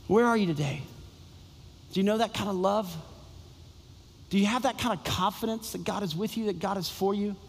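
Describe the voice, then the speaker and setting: A man with a notably high voice delivers a sermon in an animated storytelling manner, repeating his key phrases for emphasis. His voice carries a long reverb, as if from a large hall. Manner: storytelling, exclamatory and repetitive. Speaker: pastor.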